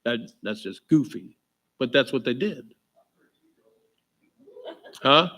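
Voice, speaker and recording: A man's voice: mid-range voice, lively intonation, bright, forceful tone. Joking male pastor preaching. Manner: jokey, keeps asking the crowd "right?"; reads scripture aloud with slow emphasis. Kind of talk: sermon. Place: church.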